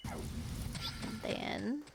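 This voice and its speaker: A woman streamer giving casual gameplay commentary, thinking aloud in an unhurried, musing way. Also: loud music behind the voice. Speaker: game streamer. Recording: clear background noise.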